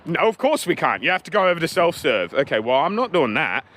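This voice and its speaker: A man's voice: fairly high pitch, big pitch swings, quick pace, a bit bright. An Australian man venting in a rambling, agitated vlog rant, swearing often and piling up "like"s. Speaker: vlogger.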